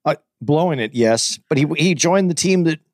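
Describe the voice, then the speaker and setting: A man co-hosting a podcast in casual chat, calm and measured, often stammering and repeating his first words. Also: on the high side, no echo, studio quality. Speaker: podcast co-host.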